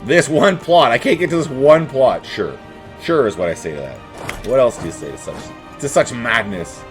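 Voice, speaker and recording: Animated man joking through a strategy game. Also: mid-range voice, normal speed, soft background music. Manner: wry, jokey running commentary to himself. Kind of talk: casual gameplay commentary.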